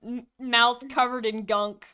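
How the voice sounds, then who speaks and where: Woman, game master, bright voice, casual, joking narration. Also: a little high, steady tone, slow, smooth.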